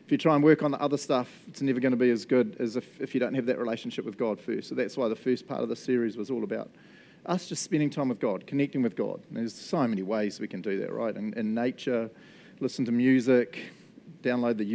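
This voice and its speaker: Lively New Zealand pastor, chatty. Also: male voice, medium pitch, quick pace, vocal fry, slight background noise. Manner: chatty, joking, animated. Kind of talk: lively sermon. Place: church hall. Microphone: handheld microphone.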